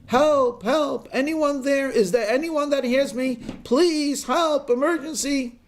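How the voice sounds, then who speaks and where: A man voicing a desperate male hiker who shouts high, pleading calls for help. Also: normal speed, slight background noise, close to an everyday voice.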